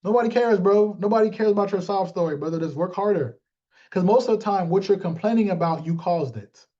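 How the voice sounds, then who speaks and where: A man's voice: high-pitched, brisk, mellow, lo-fi sound. A man coaching his sales team in a live motivational talk, blunt and joking, calling on listeners by name and acting out little exchanges.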